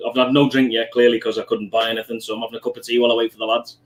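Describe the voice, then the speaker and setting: A man's voice: mid-range voice, level tone, very fast, poor audio. A man from Liverpool with a Scouse accent, hosting a casual livestream chat in a friendly, chatty way. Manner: chatty, friendly, calls people mate. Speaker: channel host on livestream.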